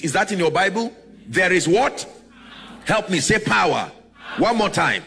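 A man's voice: sits high, big pitch swings, moderate pace, creaky, sharp tone, faint music behind. A man preaching a sermon to a congregation, drawing responses from them and sliding into sung, chanted phrases. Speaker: pastor.

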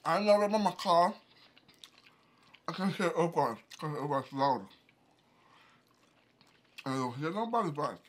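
Male vlogger, insistent and suspicious, lively intonation, faint noisy home recording. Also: on the high side, measured pace, long pauses. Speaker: vlogger, husband. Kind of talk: casual argument during a mukbang.

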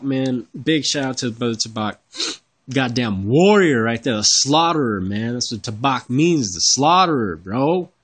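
A man's voice: medium pitch, a bit bright. A man delivering a rambling, profane, exasperated rant as a religious commentator reacting to another creator's videos, repeating himself as he gets worked up. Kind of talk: heated reaction rant over screen-shared videos.

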